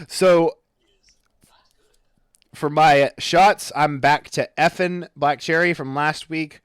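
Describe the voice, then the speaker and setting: Speaking extremely slowly with long pauses, this male podcast co-host has a smooth, fairly high-pitched voice. His casual conversation rambles, with stumbles and corrections along the way. The recording is dry, with clean studio sound.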